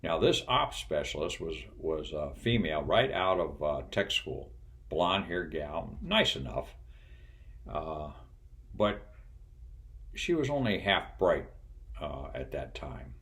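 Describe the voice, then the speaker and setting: An older man with an extremely deep, low voice recalls his flying days. His talk is folksy and unhurried, full of pauses and little chuckles. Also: sing-song, a bit bright. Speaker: retired pilot and flight instructor. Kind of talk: casual storytelling.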